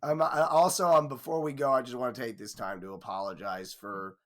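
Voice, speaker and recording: A man's voice: mid-range voice, steady tone, a little fast, a bit bright. A young man co-hosting a podcast in crude, joking casual chat, laughing often. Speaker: podcast co-host.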